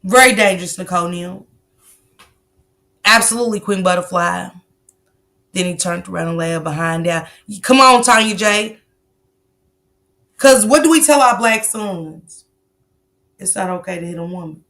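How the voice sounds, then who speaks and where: A woman's voice: on the low side, normal speed, long pauses, a bit bright. A woman hosting a casual livestream, commenting bluntly on a clip and preaching a lesson, swearing freely. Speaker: livestream host. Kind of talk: casual commentary on viral clips.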